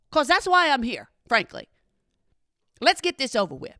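Speaking to her followers at a normal pace, a middle-aged woman with a high, bright voice shares a personal story. She's dramatic and animated, talking straight to her audience, and the recording is dry and close with no room sound.

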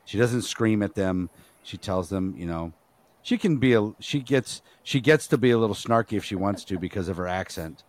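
Deep-voiced man hosting a podcast. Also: expressive, a little mellow, no room sound. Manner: rambling, halting, profane. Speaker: podcast host. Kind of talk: casual podcast chat.

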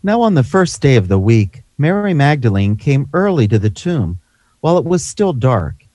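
Male scripture reader with a mellow, lively voice. Expressive delivery, lifts his pitch for quoted lines. Dry recording. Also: no room sound. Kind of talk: reading scripture aloud.

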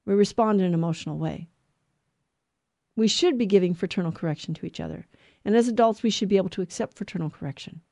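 A woman's voice: medium pitch, fast talker, gravelly, dark tone, no room sound. A middle-aged woman giving an earnest religious teaching talk on family life, stressing points by repeating words. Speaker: Catholic speaker on family life.

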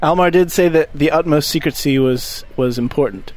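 Give me a man with a fairly high voice improvising loosely at a tabletop game. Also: normal speed, a little mellow. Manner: rambling and improvising, full of "like" and restarts. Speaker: player.

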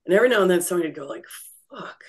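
Brief: lower-pitched woman host, frank and loose, swears. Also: animated, rapid-fire. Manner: candid, swears freely, lots of restarts. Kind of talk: casual chat.

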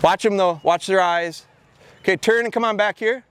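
A man's voice: high-pitched, moderate pace, background noise. A man in his thirties teaching a dog training class outdoors on a mowed field, coaching handlers and often repeating his words as he gives instructions.

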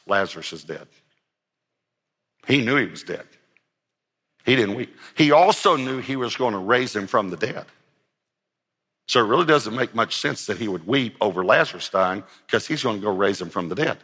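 A male pastor delivers an earnest sermon, leaning hard on repeated phrases to press his points. His voice is bright and forceful at a middle pitch. It carries a long, lingering reverb from a large hall. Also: lively intonation, normal speed, pauses often, slightly rough.

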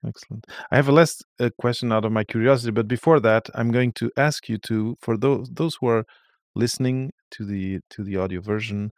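A man's voice: lowish voice, a little fast, dry recording, clean studio sound. Hesitant man hosting a podcast. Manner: hesitant, many fillers and restarts. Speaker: podcast host. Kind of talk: casual interview chat.

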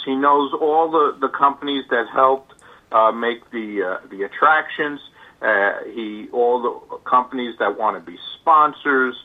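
Man on a tinny phone line. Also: mid-range voice. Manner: halting, many fillers and restarts. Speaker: author guest. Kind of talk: interview storytelling.

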